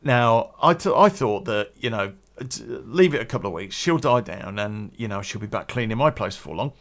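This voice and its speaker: A man's voice: on the low side, animated, moderate pace, a bit bright. A man telling a story from his past in a casual, rambling way, with restarts and swearing.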